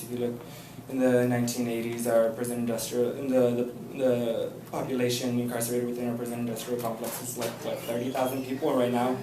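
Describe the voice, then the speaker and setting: Young man, live poetry reading, slow measured verse, profane joking asides, distant mic, roomy echo, noisy. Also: mid-range voice. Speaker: poet reading at an event. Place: indoor reading event. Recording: echoey room from far off, noisy.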